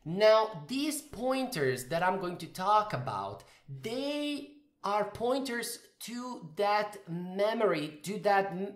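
A man giving a casual coding tutorial, thinking aloud and correcting himself as he types. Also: sits high. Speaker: programming tutor. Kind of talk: screen-recorded coding tutorial. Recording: roomy echoey room.

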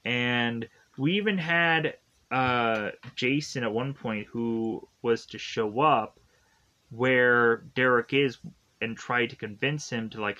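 A man's voice: medium pitch, slow pace, bright, forceful tone, dull audio. Man, tired, yawning, casual film review, rambling, repetitive. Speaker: movie reviewer.

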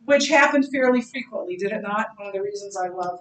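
A woman's voice: medium pitch, expressive, a little fast, crowd noise. Earnest woman teaching a church class. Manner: earnest and conversational, thinking aloud with restarts. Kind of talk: church class lecture, reading scripture aloud. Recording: roomy sound from far off.

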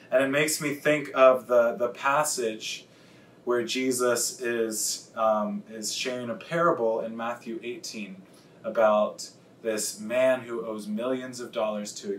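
A man, a pastor, preaching a sermon in an earnest, confessional way and slowing down to stress key words. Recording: echoey room, distant mic, faint rumble.

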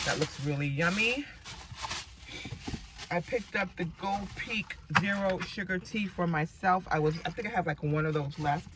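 A woman's voice: sits low, noisy background. A woman in her forties vlogging in a casual, rambling way and laughing often. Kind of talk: casual chat.

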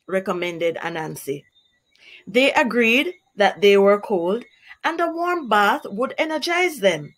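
A woman teacher reading a storybook aloud to young children in a slow, expressive way. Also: mid-range voice.

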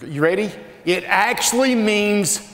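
Preacher in an echoing church. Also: male voice, expressive, unhurried. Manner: dramatic preaching, swinging from loud outbursts to hushed low phrases. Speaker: pastor. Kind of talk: sermon. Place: large church sanctuary. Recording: echoey church hall with long reverb.

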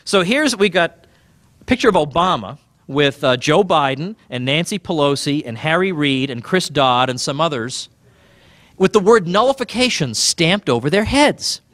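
A man giving a public talk about his book, animated and sardonic, pressing his points with emphasis. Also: on the high side, normal speed, dry recording. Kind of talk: public speech.

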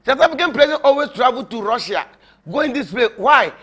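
Bright, high-voiced preacher, mocking and laughing. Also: male voice, lively intonation, fairly quick, husky. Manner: repetitive, rambling. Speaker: prophet. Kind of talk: informal sermon to viewers.

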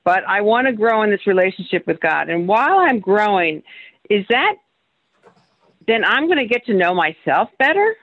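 A workshop participant shares their experience earnestly, and their pitch leaps up and drops for emphasis. The sound is dull and lo-fi, as if it came through a weak connection. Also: sing-song, moderate pace. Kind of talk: personal sharing in a group workshop.

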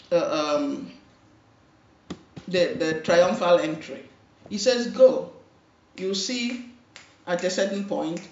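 A woman pastor delivers her sermon at a slow, deliberate pace, repeating her key phrases and calling out for amen. She sounds distant, with a roomy echo and a dull, lo-fi tone. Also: medium pitch. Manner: emphatic preaching with repeated phrases and calls for amen.

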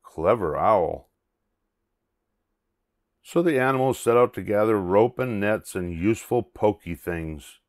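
An older man reading a children's storybook aloud, expressive and playful. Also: lowish voice, unhurried, long pauses.

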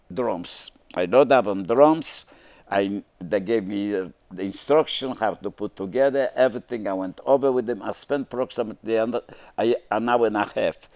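A man's voice: on the low side, darkish tone. A man in his nineties telling his life story in a TV studio interview, with broken grammar, acting out the dialogue as he goes. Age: 90s. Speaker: interview guest.

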